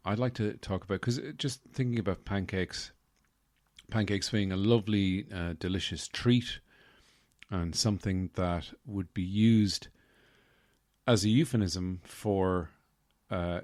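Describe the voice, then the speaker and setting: A man hosting a casual solo podcast, rambling with deadpan humor and lots of fillers into a close mic. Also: low voice, unhurried, no room sound. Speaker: podcast host.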